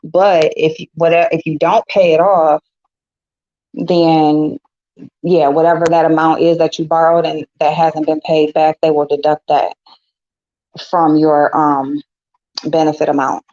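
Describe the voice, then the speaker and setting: A woman's voice: low-pitched, level tone, a little slow, mellow, no room sound. A middle-aged woman hosting a casual chat with viewers, talking bluntly and swearing freely. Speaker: host. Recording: dull lo-fi sound.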